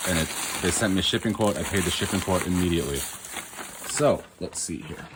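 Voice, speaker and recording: A man's voice: low-pitched, a little fast, noisy background. A man in a cold garage, rambling casually through an unboxing with joking asides. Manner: chatty and rambling, self-mocking asides. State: cold, shivering. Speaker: online reseller.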